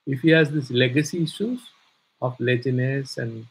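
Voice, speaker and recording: A man's voice: mid-range voice, moderate pace, slightly rough, rough recording. A man teaching a scripture class, explaining commentary and searching aloud for words. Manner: searches aloud for words, many fillers, stresses key terms.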